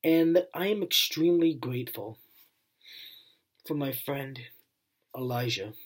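A man's voice: mid-range voice, animated, unhurried. A young man talking straight to camera in a heartfelt thank-you vlog, earnest and repetitive, with his voice wavering and choking up. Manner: earnest and repetitive, circling back to the same phrases. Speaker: channel owner.

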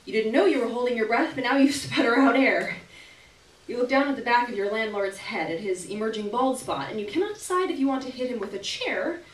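A woman's voice: a little high, animated, brisk, slight background noise. A woman giving a dramatic live reading of a story in the second person. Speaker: reader. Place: stage in a hall. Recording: echoey hall from far off.

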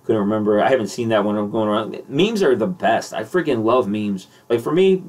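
A man's voice: on the low side, very animated, a little fast, darkish tone, far from the mic. A young man hosting a podcast in a casual, joking chat, rambling and laughing often. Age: young adult. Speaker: podcast host.

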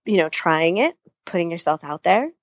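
A woman's voice: lowish voice, expressive, normal speed, no room sound, muffled recording. A woman couples therapist answering interview questions at length, thoughtful, often voicing what clients might say to themselves. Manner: thoughtful, explains at length with spoken-out inner voices.

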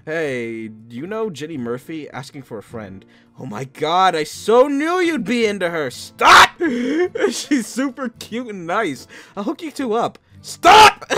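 Slow-talking, laughing gamer man. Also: high-pitched. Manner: laughs often, swears freely, reads messages aloud in a flat voice. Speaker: gaming YouTuber. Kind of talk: casual let's-play commentary, reading in-game text messages aloud.

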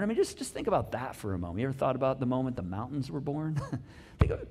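A middle-aged male pastor giving a casual, conversational sermon, telling the story in an animated way with playful asides and sudden swings in loudness. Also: medium pitch, quick pace, breathy edge.

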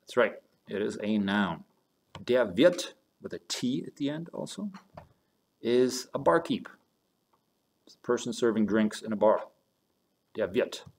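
Speaking at a moderate pace in a fairly low, animated voice with vocal fry, a man leads a recorded online German lesson. He moves between German and English, spelling words and explaining each step, while a chair squeaks in his home office.

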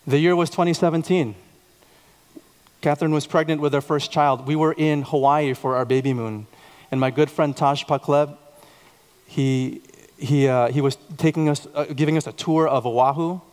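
A male pastor in his thirties delivers a sermon in a church sanctuary. His voice sits a little high, and he tells stories, repeating words and asking pointed questions. The sound rings with the long reverb of a large hall. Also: a little mellow.

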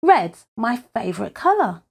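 An eager, sly young boy from a storybook, as a woman reader puts him on, his voice jumping high and swooping widely. He talks slowly and brightly, excited and pleading. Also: gravelly, breathy edge, heavily acted.

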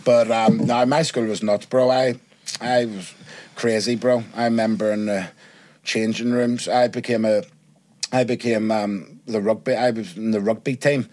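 Swearing, animated male podcast guest. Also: on the low side, normal speed. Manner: animated storytelling, swears freely, acts out quoted voices. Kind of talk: casual podcast chat.

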